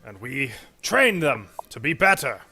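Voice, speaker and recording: A man's voice: mid-range voice, sing-song, unhurried, vocal fry, sharp tone, soft background music, exaggerated voice. A man voicing a shrewd Vistani horse trader who speaks formally and bargains hard. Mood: proud.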